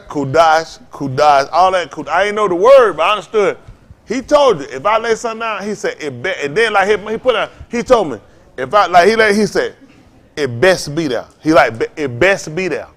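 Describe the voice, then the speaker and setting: An older male pastor delivers a loose, conversational sermon. His voice sits a little high, and he talks in a folksy, animated way. He circles back and repeats phrases as he tells stories. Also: brisk. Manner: folksy, animated, Southern Black church vernacular, repeats himself. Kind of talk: informal sermon with storytelling.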